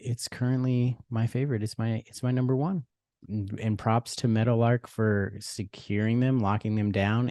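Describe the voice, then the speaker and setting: A man's voice: medium pitch, a little mellow, smooth, no room sound, clean studio sound. A man in his thirties hosting a solo sports podcast, talking casually and with enthusiasm, with plenty of fillers and restarts. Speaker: podcast host.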